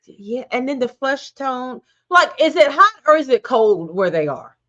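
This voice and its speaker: A woman guest with a fairly high, very animated voice, trading teasing, opinionated takes on reality TV. Her sound is dull and lo-fi, like a remote call. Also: unhurried. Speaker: guest co-host. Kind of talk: casual chat recapping reality TV.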